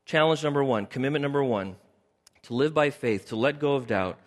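A man preaching a sermon as pastor, animated and acting out the people in his story with shifting voices. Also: mid-range voice, brisk. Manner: animated, acts out biblical characters in shifting voices. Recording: long hall reverb.

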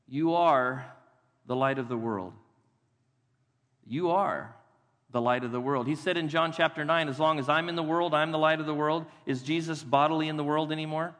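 A male pastor preaching a sermon, emphatic, repeating key phrases and slowing down to read scripture. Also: on the high side, fairly bright tone. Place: church sanctuary. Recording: long reverb of a church hall.

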